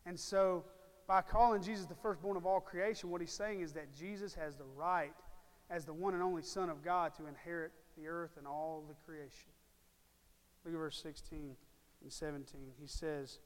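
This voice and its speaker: A man's voice: fairly high pitch, steady tone, moderate pace. A man preaching a sermon in a church, emphatic and direct with the congregation, repeating words for stress. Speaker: pastor. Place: church sanctuary. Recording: long hall reverb.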